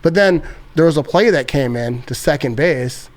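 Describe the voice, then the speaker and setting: A young man on a podcast, spinning loose stories in a slightly higher-than-usual male voice. He rambles, leans on fillers and laughs often, with a relaxed, chatty delivery. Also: moderate pace. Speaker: podcast guest, sports content creator. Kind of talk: casual storytelling.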